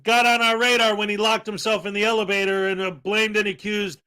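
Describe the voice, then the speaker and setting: A man's voice: high-pitched, little pitch movement, a little fast, pushed and bright, clear, resonant tone. A man hosting a podcast, telling a rambling story in casual commentary and acting out what others said. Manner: rambling storyteller, laughs, acts out quotes. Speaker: podcast host.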